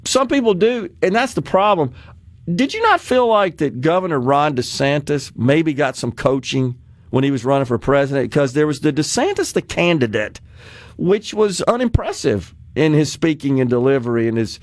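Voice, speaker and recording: A man talking on a radio talk show with a fairly high voice, chatty and animated, often breaking into a laugh. The sound is close and dry, as from a studio microphone. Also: moderate pace, no echo.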